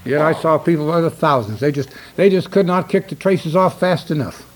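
Older guy preaching, stern and emphatic, slowish scripture reading, kinda high voice. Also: rough recording. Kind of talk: sermon.

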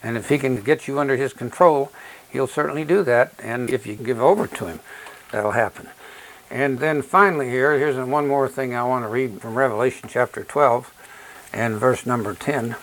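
A man preaching a sermon, reading from scripture and explaining it in an earnest, deliberate way, stressing key words. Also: medium pitch, fairly bright tone, poor audio.

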